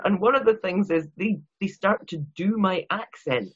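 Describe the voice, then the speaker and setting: A Scottish woman talks in a loose, self-mocking ramble, full of restarts and asides. Her voice is a little husky and the recording sounds dull and lo-fi. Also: mid-range voice, normal speed, few pauses. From Scotland. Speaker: guest author. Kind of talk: casual interview chat.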